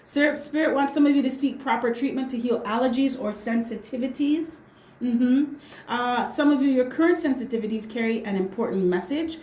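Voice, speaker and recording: A woman's voice: sits high, normal speed, a little mellow. Blunt, slangy woman tarot reader. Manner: blunt, slangy, swears freely; emphatic, repeats points with "right?" and "okay?". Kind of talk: casual tarot reading to camera. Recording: roomy echo.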